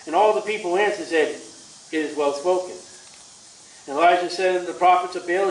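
A man preaching a sermon in a combative, sarcastic way, his delivery swinging from loud to soft. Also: high-pitched, animated, fairly quick, a little hiss or hum. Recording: echoey room from far off.

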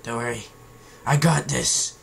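A man's voice: medium pitch, fairly even intonation, unhurried, gravelly, a bit bright, slight background noise. A man casually commentating while playing a game, joking, swearing and humming sound effects. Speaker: gamer. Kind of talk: casual let's-play commentary.

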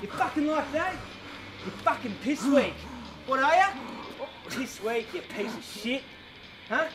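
An actor with an Australian accent playing an aggressive young male bogan who shouts taunts and swears through a street fight. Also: very high-pitched, expressive, unhurried, over loud music. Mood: taunting.

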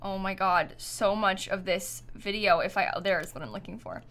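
Young female streamer, bright chatty voice, giggly storyteller, keys clicking behind. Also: mid-range voice, moderate pace, faint music behind. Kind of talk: casual livestream chat while gaming.

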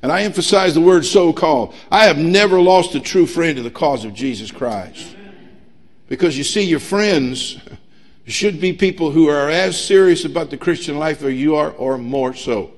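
A middle-aged man preaching a sermon as pastor, emphatic and humorous, swinging between loud pushes and quiet asides. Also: on the high side, normal speed. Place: church sanctuary.

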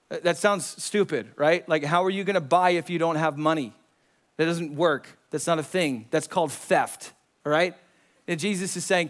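A young male pastor delivering a sermon in a church, his voice pitched notably high for a man. He talks animated and conversational, slipping into acted-out quotes and casual asides to the congregation. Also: normal speed. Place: church sanctuary.

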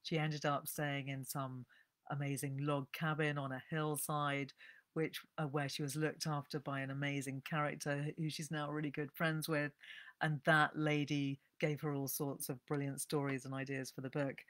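A woman's voice: low voice, little pitch movement, moderate pace, fairly bright tone. A woman chatting enthusiastically about a novel and reading its opening aloud, with chatty asides. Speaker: book presenter. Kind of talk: casual book talk with reading aloud.

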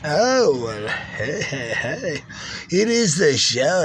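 A man's voice: on the high side, very animated, takes it slowly, fairly bright tone, slight background noise. Guy doing a fake irish accent, goofy and dramatic, voice swoops way up and down, takes his time. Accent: put-on Irish. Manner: playful, theatrical, laughing often. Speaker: vlogger. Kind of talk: rambling comic monologue.

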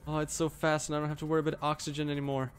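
A streamer reacting live to a game, swearing constantly, whose voice jumps to squeaky highs when startled. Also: monotone, very fast, soft background music.

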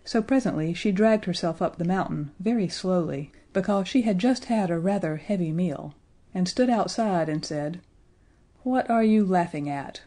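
A woman narrating a children's audiobook in a gentle, expressive way. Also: lowish voice, normal speed, hardly any pauses.

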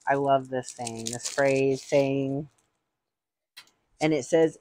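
A woman's voice: very deep voice, fairly even intonation, slow, long pauses, mellow, no echo. A middle-aged woman chatting casually to camera in an unboxing vlog, rambling and gushing. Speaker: vlogger.

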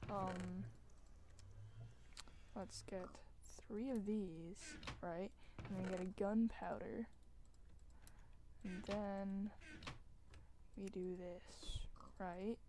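A woman hosting a gaming video, chatting casually as she plays. She mocks herself and breaks into loud, excited exclamations. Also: medium pitch, drawn-out words, pauses often, noisy background. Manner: excitable, self-mocking, bursts into loud exclamations. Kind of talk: casual gameplay commentary. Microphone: desk microphone while gaming.

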